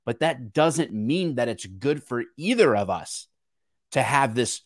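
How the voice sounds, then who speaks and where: A man's voice: mid-range voice, expressive, measured pace, no echo, clean studio sound. A man co-hosting a podcast, talking through political issues in an earnest, searching way with frequent restarts. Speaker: podcast co-host. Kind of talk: casual political discussion.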